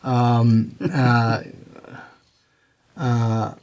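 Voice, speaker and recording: A man narrating as game master in a tabletop game, halting and full of fillers. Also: medium pitch, flat delivery, darkish tone. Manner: halting, lots of fillers and restarts.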